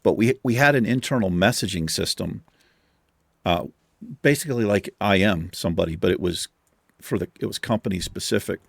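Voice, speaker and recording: A man's voice: fairly low pitch, fairly quick, gravelly, no echo. Profane man telling a story, dry sound. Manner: profane, exasperated anecdote telling. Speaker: gaming channel host. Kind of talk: casual storytelling over gameplay.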